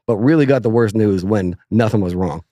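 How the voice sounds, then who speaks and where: A man's voice: lowish voice, a little fast, warm tone, dry recording. A middle-aged man from Kentucky, co-hosting a casual podcast chat, telling stories in a laid-back way with many fillers. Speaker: podcast co-host.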